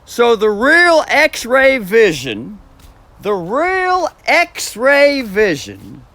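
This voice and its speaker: Male, very high voice with a wide swing; slow, profane, emphatic solo monologue full of repeated phrases. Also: fairly bright tone, no echo. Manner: stresses single words, plays with inflection.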